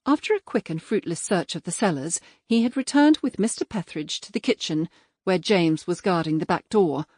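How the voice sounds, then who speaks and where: A woman reading a mystery audiobook in a measured, even scripted narration. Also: lowish voice, dry recording, studio quality.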